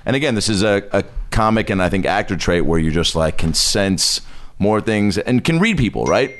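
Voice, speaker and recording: A man co-hosting a comedy podcast, chatting casually with rambling questions and quick jokes. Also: fairly low pitch, expressive, fairly bright tone. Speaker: podcast co-host. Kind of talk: casual chat.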